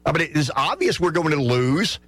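Lively man in his sixties hosting talk radio. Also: a little high, a little fast, slightly rough, no echo, soft background music. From South Carolina. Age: 60s. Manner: animated, restarts and repeats words while making a point. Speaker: radio show host.

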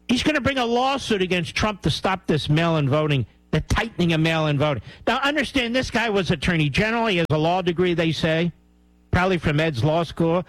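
A man's voice: sits high, expressive, a little fast, fairly bright tone, no echo, poor audio. A man hosting a talk radio show, giving heated, sarcastic and mocking commentary.

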